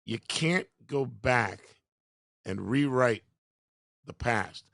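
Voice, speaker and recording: Gravelly radio man butting in. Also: mid-range voice, animated, very slow, fairly bright tone, no echo, studio quality. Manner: jokey, interrupting with questions. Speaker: radio host as guest. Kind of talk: casual interview chat.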